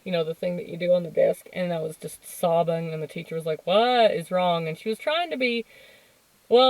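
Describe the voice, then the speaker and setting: A candid woman in her thirties tells personal stories in a low voice, laughing and cursing openly as she goes. The close mic leaves the sound dry, with no room echo. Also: a little mellow. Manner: candid and emotional, laughs and swears freely. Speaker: podcast host. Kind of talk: personal storytelling monologue.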